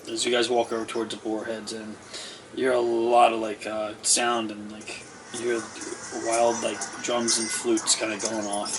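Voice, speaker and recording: A man's voice: lowish voice, completely flat delivery, normal speed. A man running a tabletop game as game master, describing scenes in a rambling way full of fillers and restarts. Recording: distant mic with clear background noise.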